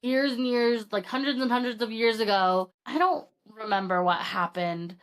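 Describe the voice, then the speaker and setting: A woman's voice: a little high, moderate pace, clean tone. A woman co-hosting a podcast, chatting casually about a book and acting out the characters as she retells it. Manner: animated storytelling, acts out characters with swearing. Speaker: podcast co-host.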